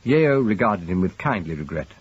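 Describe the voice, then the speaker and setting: Husky, expressive male audiobook narrator. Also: deep voice, lo-fi sound. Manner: measured, expressive storytelling.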